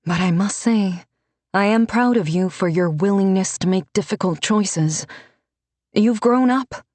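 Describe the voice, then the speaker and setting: A woman's voice: mid-range voice, measured pace, darkish tone, no room sound, close to an everyday voice. A woman voicing a stern, devout older woman mentor who speaks fervently and firmly. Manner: fervent, scolding, firm.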